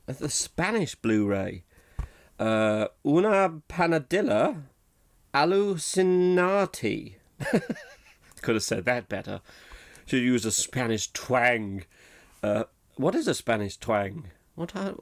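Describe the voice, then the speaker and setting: A man chatting alone at his desk for a podcast at a middling pitch. He wanders off topic, laughs at his own mistakes and keeps up a loose, self-mocking patter. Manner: rambling and self-mocking, laughs often at himself. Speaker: podcast host. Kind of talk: casual solo podcast chat.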